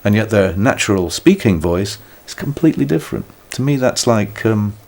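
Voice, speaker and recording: With a lowish, darkish voice and lively intonation, an older British man speaks at a moderate pace. He's a musician in a reflective conversational interview, thoughtful, wry, self-mocking, and prone to restarting sentences.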